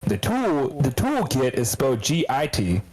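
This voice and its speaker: A man's voice: mid-range voice, wildly swooping pitch, a little slow, a little mellow, low-quality recording. A man co-hosting a podcast, telling a long profane story in casual chat. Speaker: podcast co-host.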